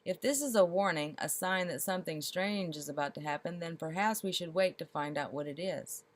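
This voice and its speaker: A very old, shrewd village councilor from a storybook, voiced by a woman. He speaks slowly and measuredly, with a quaver in his voice. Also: lowish voice, natural voice. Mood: dry.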